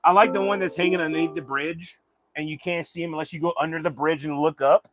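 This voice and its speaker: A man's voice: fairly high pitch, steady tone, fast talker. A man hosting a livestream in casual chat, rambling and swearing freely. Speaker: livestream host.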